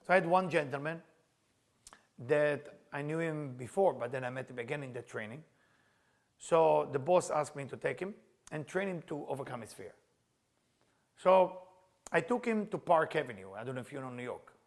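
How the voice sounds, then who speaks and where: Middle-aged Israeli man, slightly high and gravelly, spiritual teacher, storytelling and playing out both sides of a conversation. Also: normal speed, long pauses. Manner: animated, acts out dialogue, loud bursts. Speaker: Kabbalah teacher. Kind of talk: storytelling lesson.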